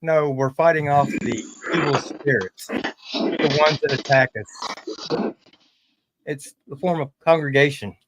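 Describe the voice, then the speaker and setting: A man hosting a livestream, talking casually in a halting way and often restarting his sentences. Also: fairly high pitch, fairly even intonation, background noise. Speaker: livestream host.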